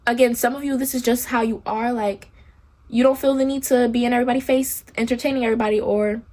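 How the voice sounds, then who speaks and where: A woman doing a pick-a-card tarot reading, talking bluntly and candidly in a chatty way, with casual swearing. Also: on the high side. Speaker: tarot reader.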